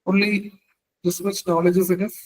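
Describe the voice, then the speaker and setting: A man's voice: high voice, flat delivery, moderate pace, darkish tone, recorded from a distance, low-quality recording. Indian man lecturing a class on interviews. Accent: Indian English. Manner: asks the class questions and repeats key phrases. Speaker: career trainer.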